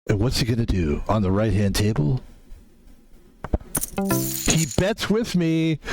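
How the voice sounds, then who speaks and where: A man streaming a poker game, chatting in a rambling way, swearing freely and calling out his own name as he plays. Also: medium pitch. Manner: chatty, rambling, swears freely, talks about himself in third person. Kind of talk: casual gameplay commentary. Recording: music playing behind the voice.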